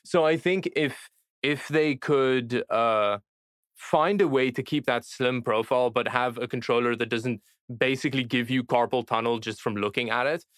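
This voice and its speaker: A man with an average-pitched voice chats about tech in a hesitant way. He often stumbles and repeats his words before getting the thought out. The recording is dry and close. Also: steady tone, moderate pace, fairly bright tone, smooth, no echo. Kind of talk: casual tech chat.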